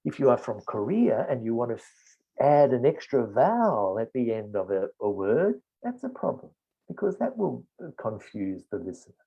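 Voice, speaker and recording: A middle-aged man with an Australian accent, answering test questions in a teaching webinar and explaining slowly with strong emphasis. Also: medium pitch, sing-song, gravelly, slightly rough. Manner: slow, deliberate explanation with emphatic stresses. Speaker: IELTS expert answering questions. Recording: dull lo-fi webinar audio.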